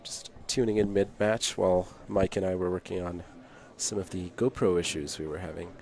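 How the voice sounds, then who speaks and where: A man's voice: deep voice, steady tone, normal speed, darkish tone. A man giving casual live-stream commentary on a pool match, easygoing and laughing along with his co-hosts.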